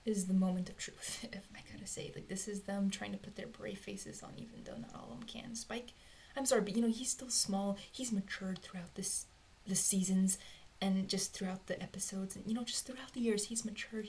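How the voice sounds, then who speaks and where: Brief: woman, mid pitch, rambling self-talk, slips into whispers. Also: fairly even intonation, moderate pace, darkish tone. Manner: rambling, often drops to a whisper. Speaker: fan theorist. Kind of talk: thinking aloud to herself. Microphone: close mic, recorded alone.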